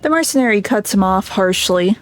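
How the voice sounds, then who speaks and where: A woman's voice: mid-range voice, animated, a little fast, soft background music. A woman streamer reading a game's story aloud, breaking off for chatty asides. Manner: narrating, with chatty asides and laughs.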